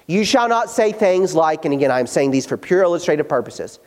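A pastor preaching a sermon, earnest and emphatic, slowing down to stress the scripture he quotes. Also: sits high, very animated, darkish tone. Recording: hall reverb.

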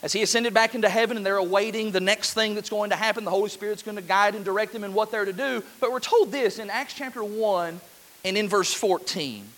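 A man in his thirties preaching a sermon in a church, earnest, swelling loud and then dropping soft. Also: high voice, brisk.

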